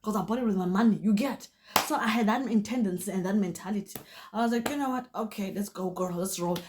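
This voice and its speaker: Young xhosa-accented woman vlogging, lively storytime chat, lots of restarts. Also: mid-range voice, quick pace. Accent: South African Xhosa. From South Africa. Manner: animated, switches into Xhosa, many restarts.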